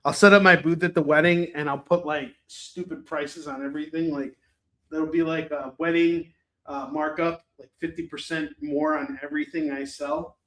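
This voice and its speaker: A man's voice: on the high side, steady tone, moderate pace, a bit bright. A man rambling and swearing casually while selling comics on a live stream. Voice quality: profane, rambling, joking.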